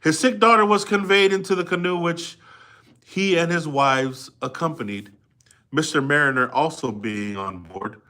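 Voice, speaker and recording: A middle-aged man reads a book aloud live with a bright, forceful voice sitting a little high for a man. He breaks off often in a relaxed, conversational way to explain and quiz his listeners. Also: moderate pace. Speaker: reader and commentator. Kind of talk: live book reading with commentary.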